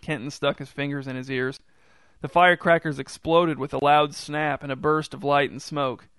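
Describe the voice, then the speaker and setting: A man reading a story aloud in an even, measured way. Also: on the high side, clear, resonant tone, no room sound. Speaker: narrator.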